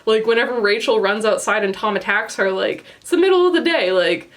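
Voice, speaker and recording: A young woman talks through a review in a relaxed, chatty way, leaning on "like" and dropping the odd swear word. Her voice sits at an ordinary middle pitch but leaps up now and then when she wants to stress a point. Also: brisk. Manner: chatty, with frequent "like" fillers and blunt swearing; animated, jumps in pitch for emphasis. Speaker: book and movie reviewer. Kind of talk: casual spoken review.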